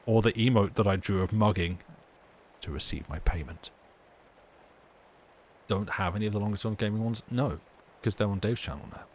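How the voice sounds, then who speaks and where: A man's voice: fairly low pitch, normal speed, long pauses, a little hiss or hum. A man hosting a live stream, chatting casually and teasing viewers in a dry, rambling way. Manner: dry, teasing banter with frequent restarts. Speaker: livestream host reading stories.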